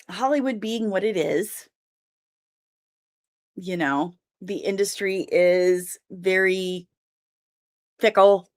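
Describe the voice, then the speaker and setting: A young woman hosting a casual livestream, chatting and greeting viewers by name, with easy laughs. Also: mid-range voice. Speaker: livestream host.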